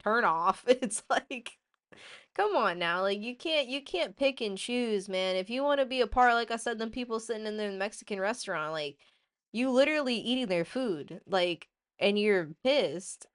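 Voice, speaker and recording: A woman hosting a casual opinion show, ranting in an animated, blunt way with plenty of swearing. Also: on the high side, moderate pace. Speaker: host.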